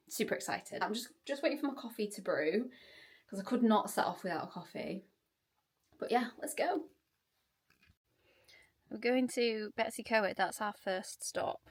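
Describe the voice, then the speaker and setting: A woman's voice: medium pitch, dry recording. A woman chatting casually to camera from inside her car, thinking aloud and laughing often. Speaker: vlogger. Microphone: handheld camera.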